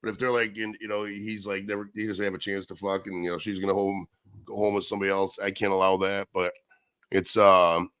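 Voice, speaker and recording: A man's voice: sits low, level tone, brisk, a bit bright, clear, resonant tone, no room sound. A man hosting a livestream, ranting and swearing in casual chat. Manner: profane, ranting. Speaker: livestream host.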